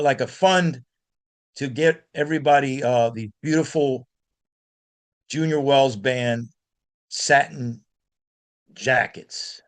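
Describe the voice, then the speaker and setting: Animated storytelling man from Miami. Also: on the high side. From Miami, United States. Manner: animated anecdotes with frequent restarts. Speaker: guest blues guitarist. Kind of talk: storytelling in an interview.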